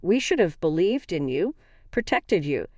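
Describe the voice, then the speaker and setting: Woman narrator doing a tearful middle-aged mother, remorseful, broken pleading, animated pitch. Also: measured pace, no echo, studio quality.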